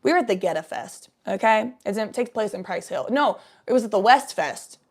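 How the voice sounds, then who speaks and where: A woman from Cincinnati in casual storytelling chat. She talks bluntly and profanely, tossing in quick asides. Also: mid-range voice, animated. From Cincinnati, USA.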